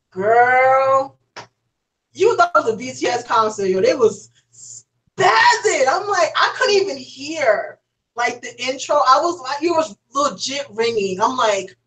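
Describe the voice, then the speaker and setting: A woman's voice: high-pitched, a bit bright, distant mic, poor audio. A young woman chatting casually, rambling and saying "like" constantly. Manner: rambling, heavy use of "like". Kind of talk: casual chat.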